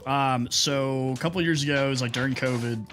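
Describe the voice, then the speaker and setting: Young male streamer, mid-pitch, chatty and rambling, music playing under him. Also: a little fast. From United States. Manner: chatty, rambling, greets viewers mid-story. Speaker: livestreamer. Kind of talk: casual storytelling to chat.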